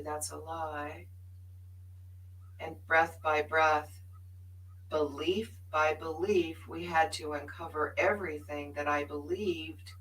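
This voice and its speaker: Woman, spiritual co-host, earnest, emphatic, bright forceful voice, a bit distant from the mic. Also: sits low. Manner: earnest and emphatic, laughs often. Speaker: co-host of a spiritual live show. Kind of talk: heartfelt spiritual sharing.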